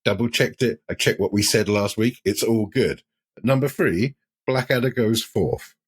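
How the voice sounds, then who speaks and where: A man's voice: fairly low pitch, moderate pace, breathy edge. A man from the UK co-hosting a casual podcast chat, emphatic and swearing casually. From United Kingdom. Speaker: podcast co-host.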